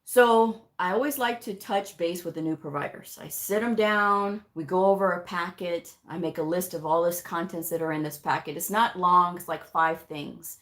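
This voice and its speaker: A woman telling workplace anecdotes on a casual livestream, in a voice that sits a little low. She is lively and acts out each exchange with changing voices. She laughs often as she goes. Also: normal speed, few pauses. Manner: animated, acts out dialogue in her stories, laughs often. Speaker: medical coding educator.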